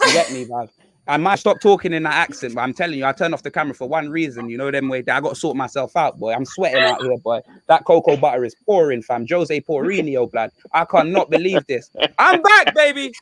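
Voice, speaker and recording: A young man, chatting casually about football on a video call stream, loud and jokey, full of slang. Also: on the high side, fast talker, hardly any pauses, dry recording. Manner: loud, jokey and animated, heavy London slang. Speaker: guest.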